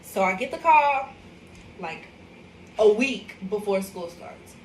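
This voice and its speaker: Speaking slowly and expressively at a medium pitch, a young Arkansas woman vlogs live as a mother, talking to her viewers in a casual, emotional way. The sound is echoey with a distant mic and slight hiss or hum.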